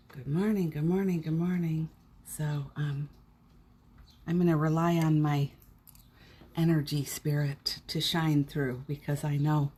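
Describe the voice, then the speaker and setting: A middle-aged woman with a slightly husky, lower voice hosts a chatty morning live stream from home. She greets each viewer by name with cheerful warmth and talks in a relaxed, casual way. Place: home indoors.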